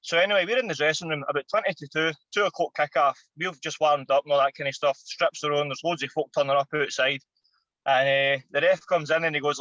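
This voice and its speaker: A Scottish man in his thirties, a former footballer and podcast guest, telling an animated, sweary anecdote. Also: on the high side, fast talker, no echo, dull audio. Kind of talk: casual storytelling.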